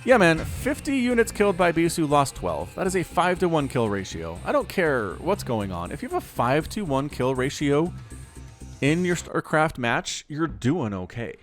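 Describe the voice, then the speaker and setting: A man casting a real-time strategy match with animated commentary and quick excited bursts. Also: fairly high pitch, faint music behind. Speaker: StarCraft caster.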